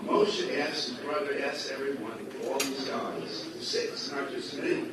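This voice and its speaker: A man's voice: a little high, moderate pace. A man telling a long personal story at a religious gathering, acting out the dialogue of the people in it. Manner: acts out quoted dialogue with shifting voices. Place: large echoey hall at a school. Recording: very echoey hall, voice from far off, noisy.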